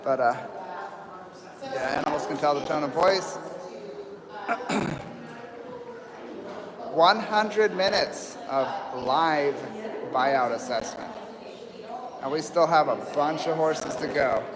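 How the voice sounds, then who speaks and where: A man hosting a live stream at a horse rescue, talking calmly and rambling with many fillers, recorded outdoors among people. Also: on the high side, takes it slowly, pauses often, big-room sound, over a noisy crowd, rough recording. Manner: calm, rambling, soft-spoken with fillers. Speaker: livestream host at horse rescue. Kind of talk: live commentary.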